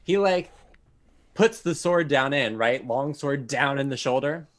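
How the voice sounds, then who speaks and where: A man's voice: medium pitch, lively intonation, measured pace. British man running a tabletop game. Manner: dramatic narration with laughs. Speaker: dungeon master.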